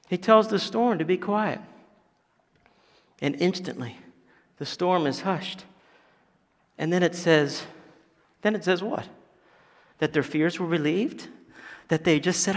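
High-voiced preacher in a reverberant hall. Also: male voice, moderate pace. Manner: animated, swings from hushed to loud. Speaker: pastor. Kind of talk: sermon.

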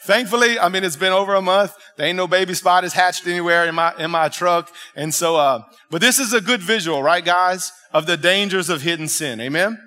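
A male pastor preaching a sermon in a church, telling a story in an animated, emphatic way and talking directly with the congregation. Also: high voice, brisk, hardly any pauses. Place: church sanctuary.

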